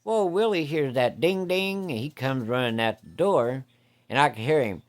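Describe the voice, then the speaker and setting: A man's voice: medium pitch, expressive, moderate pace. A man telling a hunting story in a folksy, profane, vivid way. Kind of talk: casual spoken storytelling.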